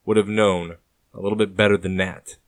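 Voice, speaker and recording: A man's voice: sits low, little pitch movement, moderate pace, no room sound, studio quality, natural voice. A man voicing the commanding leader of a rebel group, speaking sharply and with proclamation, in an audiobook. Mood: chiding.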